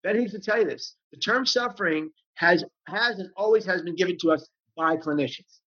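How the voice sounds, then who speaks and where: A man's voice: high-pitched, a little fast, pushed and bright. A man speaking as a guest on mental health, earnest and emphatic, repeating phrases for effect. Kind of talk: passionate conversational storytelling. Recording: dull lo-fi audio.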